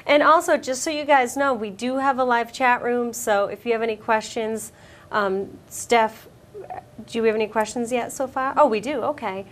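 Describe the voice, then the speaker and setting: An American woman hosts an internet radio interview, asking questions in a chatty, supportive way. Her voice is fairly high and she speaks at a normal speed.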